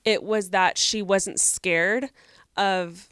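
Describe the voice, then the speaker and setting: A woman's voice: medium pitch, steady tone, very slow, a bit bright, clear, resonant tone, no room sound, studio quality. A young woman co-hosting a podcast, giving earnest, encouraging advice in casual chat. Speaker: podcast co-host.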